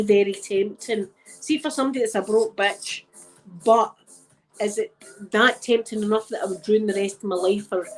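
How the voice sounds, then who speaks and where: A woman's voice: medium pitch, poor audio. A Scottish woman who is a bit drunk, hosting a channel and chatting casually with viewers in a frank, rambling way. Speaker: ASMR channel host. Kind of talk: casual live chat with viewers.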